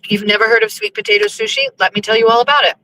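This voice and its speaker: A woman's voice: on the high side, very fast, sharp tone, a little hiss or hum, rough recording. A young woman host chatting casually to her listeners while driving, rambling and cursing in exasperation. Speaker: show host.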